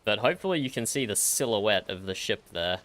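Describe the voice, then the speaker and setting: A man's voice: on the low side, animated, fairly quick, fairly bright tone. An Australian man chatting casually during an online roleplay game, laughing often and repeating his own phrases. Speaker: roleplay streamer.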